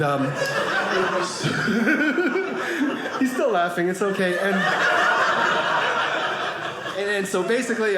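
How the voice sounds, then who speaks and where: High-voiced man doing stand-up comedy. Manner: animated storytelling, acting out voices of others. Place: comedy stage before a live audience. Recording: echoey room with audience noise.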